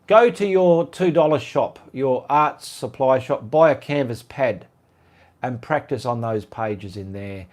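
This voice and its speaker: A man's voice: medium pitch, a little slow, a little mellow. An Australian man hosting a casual live-stream Q&A, chatting and reading viewer comments aloud in a rambling way.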